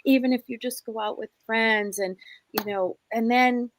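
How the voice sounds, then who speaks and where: This woman speaks as a spirit medium guest on a talk show. Her storytelling is animated, and she jumps into other people's voices mid-story. The recording is dry and close. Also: fairly high pitch, normal speed, no room sound. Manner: expressive, acts out quoted voices, laughs often. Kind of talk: animated storytelling in a casual interview.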